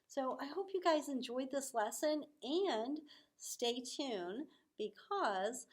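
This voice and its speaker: A young woman tells a story to children, drawing it out slowly. Her voice sits a little high and jumps up for the voices she acts out. She drops to a soft hush for the quiet parts. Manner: animated, acts out voices with big swells. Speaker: children's ministry teacher.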